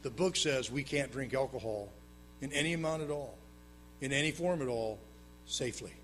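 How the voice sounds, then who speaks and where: A man describes his recovery to a live meeting audience at a moderate pace, plain-spoken and drily funny. He shifts back and forth between loud emphatic bursts and quiet asides. A faint hiss or hum sits under the audio.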